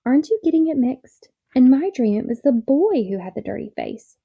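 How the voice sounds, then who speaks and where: Woman doing a brisk, sensible young girl. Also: sits high, sing-song, vocal fry, breathy edge, highs cut off, heavily acted. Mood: dreamy. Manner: earnest and practical.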